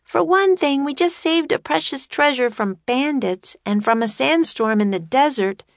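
A woman reading a storybook aloud and voicing an eager, excitable young girl who talks boldly. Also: high-pitched, normal speed, no room sound, pitched above the performer's own voice. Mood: excited. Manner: bright, excitable, bold.

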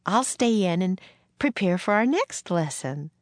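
Reading aloud, a woman voices a gentle frontier schoolteacher whose speech is proper and encouraging, in a kindly mood, pitched somewhat above the reader's own low voice. The delivery is sing-song and measured, recorded dry and close with no echo.

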